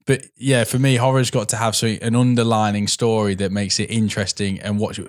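Male co-host, low voice, measured and reflective, dry close recording. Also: level tone, dry recording. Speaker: podcast co-host. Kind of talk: casual film review chat.

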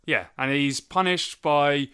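A man's voice: fairly high pitch, slow, bright, forceful tone, clean tone. Brief: male co-host, enthusiastic plot retelling, easygoing banter. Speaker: podcast co-host. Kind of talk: casual film review chat.

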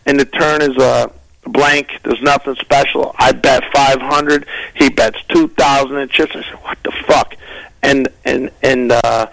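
A gravelly-voiced male comedian, swearing freely as he tells animated stories. His voice sits at a middle pitch and sounds dry and close. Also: measured pace, no room sound, rough recording. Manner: profane, animated storyteller. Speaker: guest comedian and actor. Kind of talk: casual podcast interview.

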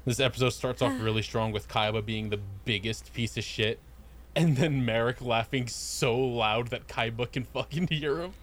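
A man's voice: medium pitch, a little hiss or hum. A man co-hosting a podcast, chatting casually and joking as he acts out characters. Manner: jokey, quick to act out characters. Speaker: podcast co-host. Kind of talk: casual chat.

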